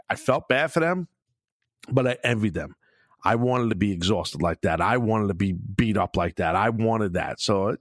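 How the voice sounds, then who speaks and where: Gruff profane man rambling on a podcast. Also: lowish voice, dry recording, studio quality. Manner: profane, rambling, with frequent restarts; puts on mocking voices of fans. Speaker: podcast host. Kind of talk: casual monologue.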